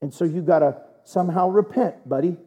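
Lively, joking pastor, higher voice. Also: male voice, fairly quick. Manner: animated, joking, asks rhetorical questions. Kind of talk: sermon. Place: church.

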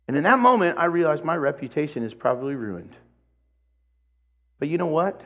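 Animated storytelling male pastor. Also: on the high side. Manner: animated, acts out dialogue. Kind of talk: sermon with personal storytelling.

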